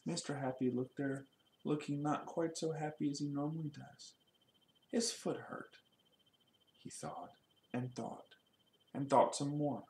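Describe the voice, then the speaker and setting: A man's voice: a little high, measured pace, long pauses, reverberant. Man reading a children's storybook aloud. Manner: lively, asks listeners questions.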